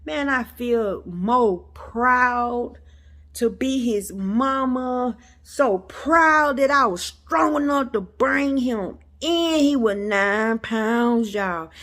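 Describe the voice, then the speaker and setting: A woman's voice: a little high, drawn-out words, fairly bright tone. A woman vlogger telling a story to her viewers in a chatty, emphatic way, calling them y'all. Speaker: metaphysics vlogger.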